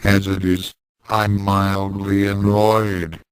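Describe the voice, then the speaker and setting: A man's voice: sits low, little pitch movement, slow, clear, resonant tone, dry recording, low-quality recording. A man reading fan fiction aloud and voicing a sarcastic, mind-reading invisible cat with a dry, mocking manner. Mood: condescending.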